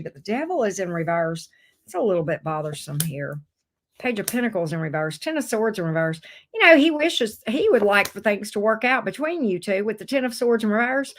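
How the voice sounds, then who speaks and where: There's slight background noise as a woman with a medium-pitched voice does tarot readings on stream. Loose and joking, she laughs, swears, and chats with viewers and her pets.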